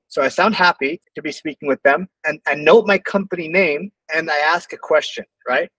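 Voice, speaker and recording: A man's voice: on the high side, moderate pace, few pauses, sharp tone, no echo, low-quality recording. A man who owns a marketing agency, teaching a sales-call script in a casual, conversational way. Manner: loose, conversational, acts out phone calls in quotes. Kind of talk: casual screen-share lesson.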